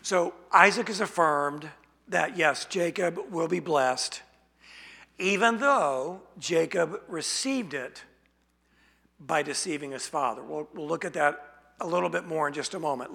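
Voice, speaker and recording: Male preacher, slightly high, gravelly voice; slow deliberate sermon delivery in a reverberant hall. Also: pushed and bright. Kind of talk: expository sermon.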